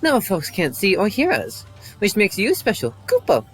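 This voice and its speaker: A chirpy little fluffy woodland creature, curious and bubbly. The voice sits high and bounces around in a sing-song way. Soft game music plays far in the background. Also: male voice, wildly swooping pitch, moderate pace, slightly rough, heavily acted.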